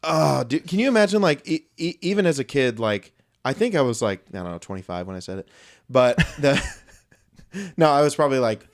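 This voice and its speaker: A man's voice: medium pitch, big pitch swings, a little fast. A young adult man co-hosting a podcast, telling a long, rambling anecdote in casual chat with frequent swearing and joking asides. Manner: rambling storyteller, swears freely, jokey asides. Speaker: podcast co-host.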